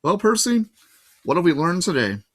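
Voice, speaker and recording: A man's voice: high-pitched, big pitch swings, normal speed, fairly bright tone, pitched above the performer's own voice, exaggerated voice. A man voicing a nervous, teasing young satyr boy in a storybook reading.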